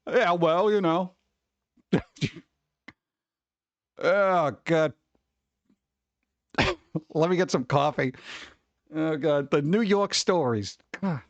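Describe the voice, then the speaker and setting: The lo-fi, echo-free clip features a middle-aged male streamer whose slightly high voice has lively intonation, drawn-out words, and long pauses. He comes across as over-caffeinated while chatting loosely with viewers, throwing in swear words and acting out the people he talks about.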